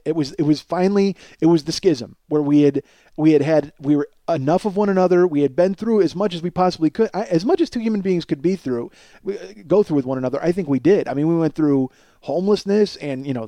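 A man in his forties tells a story casually, with a somewhat high, mellow voice. He swears freely and laughs through the telling. The sound is close and dry, with no room around it. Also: a little fast, no room sound. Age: 40s. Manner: profane, animated, laughs while telling. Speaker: podcast storyteller.

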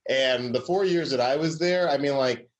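A man from the American South chats easily as an interview guest, speaking at a middle pitch. He rambles and corrects himself often, with a wry storytelling manner. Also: normal speed, muffled recording. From Southern US, Georgia. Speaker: comedy writer guest. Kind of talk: casual interview chat.

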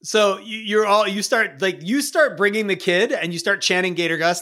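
A man's voice: sits high, brisk, few pauses, bright, forceful tone. A man narrating a tabletop game as game master in a loose, rambling way.

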